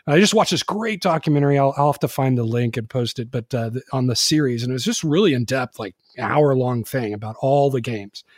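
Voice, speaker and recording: The man hosting this podcast chats casually, wandering off topic and using lots of fillers. He's expressive and a little fast, rarely pausing, with a mid-range voice recorded at studio quality and no room sound.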